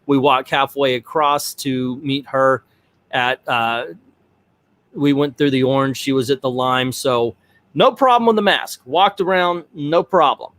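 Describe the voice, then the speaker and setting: A middle-aged man hosting a casual vlog, telling a personal story in a rambling, animated way. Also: medium pitch, a little slow. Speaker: vlog host.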